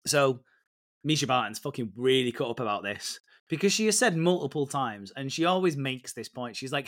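A man's voice: medium pitch, expressive, normal speed, fairly bright tone. British man recapping a show on a podcast. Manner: storytelling recap, swearing freely. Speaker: podcast co-host. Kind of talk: casual chat.

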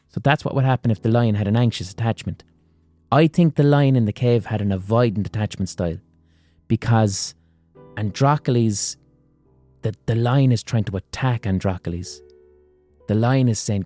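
A man's voice: lowish voice, normal speed, mellow, no room sound, soft background music. A man hosting a podcast, explaining psychology through a fable in frank, casual talk with plenty of swearing. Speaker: podcast host.

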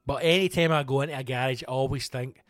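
Hosting a comedy podcast, a middle-aged Scottish man tells a self-mocking, profanity-laden story at a quick clip. His mid-range voice is animated, and the studio-quality recording has no room sound, just faint music in the background.

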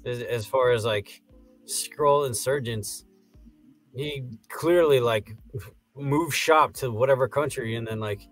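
A man co-hosting a casual podcast chat, loose and joking with lots of fillers. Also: mid-range voice. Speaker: podcast co-host.

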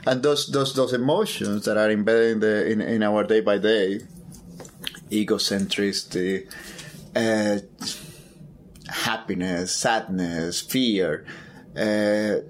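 A man, a photographer, telling a personal story in an interview, halting and repeating words as he searches for them. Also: fairly low pitch, steady tone, a little hiss or hum.

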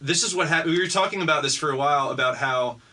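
A man's voice: on the high side, racing, bright, forceful tone. A man from Baltimore, a podcast guest, telling stories in chatty casual conversation. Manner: chatty, laughs often, storytelling. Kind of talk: casual chat.

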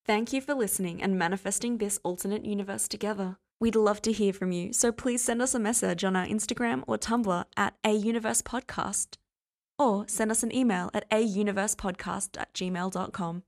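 A woman who hosts a podcast, reading fiction aloud in a soft, hushed way. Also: medium pitch, fairly even intonation, moderate pace. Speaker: podcast host and fanfiction reader.

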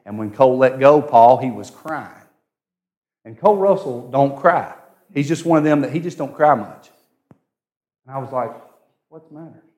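Preaching at a moderate pace in a mid-range voice, a man shares a personal story with long pauses. His delivery shifts between quiet intimacy and loud, excited outbursts.

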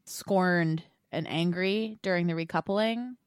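A woman co-hosting a casual podcast, recapping reality TV in a chatty, animated way and laughing often. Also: on the low side, slow, clear, resonant tone, dry recording, clean studio sound. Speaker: podcast co-host.

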